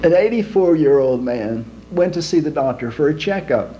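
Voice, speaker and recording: A man telling jokes in a folksy, unhurried way, his voice slightly high but soft and mellow. The recording sounds dull and lo-fi, with a faint hum running underneath. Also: lively intonation. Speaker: joke teller.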